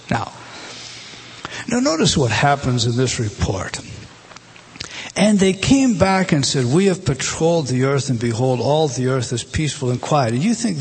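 Man, middle-aged, preacher, sermon, conversational, rhetorical questions, slightly raised pitch, breathy. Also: moderate pace. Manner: conversational, rhetorical questions, animated scripture reading. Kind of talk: sermon, Bible teaching.

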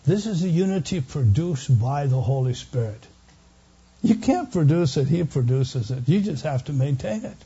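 An older man, a longtime pastor, preaching a sermon earnestly, rising loud on key phrases and dropping quiet again. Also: mid-range voice, husky, highs cut off.

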